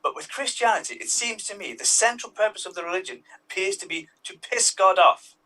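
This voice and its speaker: A man doing a stand-up comedy set over a video call, talking in an animated way and jumping into voices for his characters. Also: sits high, brisk, far from the mic, poor audio.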